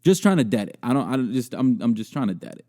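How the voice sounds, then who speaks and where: Crude rambling young man, mellow voice. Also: medium pitch, sing-song, fast talker. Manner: rambling, crude, self-mocking, laughs often. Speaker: podcast host. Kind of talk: casual comedic storytelling and video commentary.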